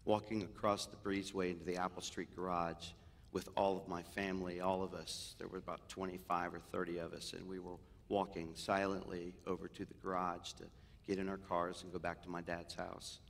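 Man, pastor, sermon, bright forceful voice, long church reverb, humorous storyteller, loud then hushed. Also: deep voice, little pitch movement, a little fast, vocal fry. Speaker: senior pastor. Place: church sanctuary.

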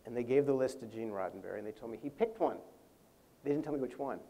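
An older man, a convention panel guest, telling an animated story and acting out quotes, laughing often. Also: mid-range voice, fast talker, vocal fry. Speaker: interview guest, language creator. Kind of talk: storytelling anecdote on stage.

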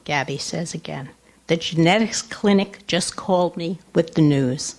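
A nasal woman reads her own personal essay to a lecture audience. Her voice sits a little low for a woman. She rushes through casual asides, then slows down for the measured reading. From Long Island, New York. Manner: quick conversational asides between slower, measured reading. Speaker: writer reading her work.

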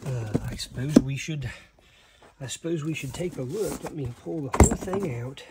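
A man vlogs as a reseller, unboxing items with excited, halting, casual commentary that sometimes drops to a whisper. His voice is on the high side, and there's heavy background noise.

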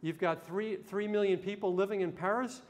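Male lecturer, high-ish voice, conversational and quizzing the audience, recorded live in a reverberant hall. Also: steady tone, normal speed, darkish tone. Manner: chatty, quizzes the audience with questions. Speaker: history lecturer. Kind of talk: live history talk to an audience.

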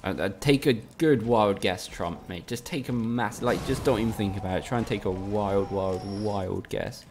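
A UK man streams a game live, swapping teasing, sweary banter with his chat in casual commentary. His voice is fairly low and darkish, at a moderate pace with few pauses, over slight background noise.

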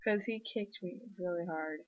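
A woman's voice: lowish voice, moderate pace. A teenage girl in a casual daily vlog, rambling through her day and acting out what people said, sounding tired. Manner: rambling storytelling, acts out texts and quotes. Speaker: vlogger. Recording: dry tinny phone-like sound.

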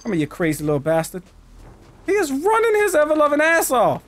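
Loud trash-talking man streamer. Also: very high-pitched, wildly swooping pitch, fairly quick. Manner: profane, trash-talking, shouts at enemies. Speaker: gaming streamer. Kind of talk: live gameplay commentary.

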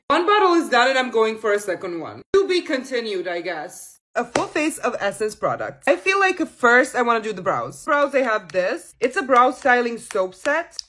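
A young woman makeup content creator chats casually through her vlog, playful and poking fun at herself. Her voice is high and a bit bright.

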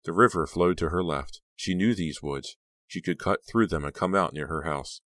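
A man narrating a horror audiobook in a steady, measured way. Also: sits low, no room sound.

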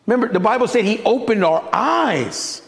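Man, pastor, lively sermon, high voice, echoing hall. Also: moderate pace, creaky. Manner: animated, conversational preaching. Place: church sanctuary. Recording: echoey hall with long reverb.

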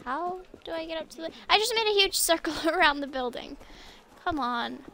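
High, bright-voiced woman chatting over gameplay. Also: lively intonation, moderate pace. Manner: chatty, apologetic, bursts of surprised laughter. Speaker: gameplay streamer. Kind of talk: casual game commentary.

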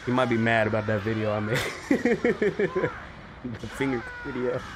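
A young man giving casual, excitable commentary on a mobile game, swearing freely and laughing often. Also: medium pitch, unhurried, background noise. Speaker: gaming YouTuber.

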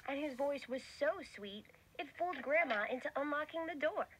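A woman giving expressive, scripted storybook narration. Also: high voice, moderate pace, background noise. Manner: expressive, lively. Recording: narration over music.

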